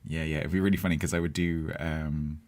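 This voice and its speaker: Very deep-voiced Southeast English man. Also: little pitch movement, brisk, darkish tone. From Southeast England. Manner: rambling, chatty, with hesitations and laughs. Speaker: game streamer. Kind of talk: casual live-stream chat with viewers.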